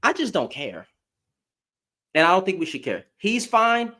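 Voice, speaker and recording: A man's voice: sits high, big pitch swings, measured pace, pushed and bright. A man giving a blunt, profane opinion rant to camera, firing off rhetorical questions as a commentary vlogger.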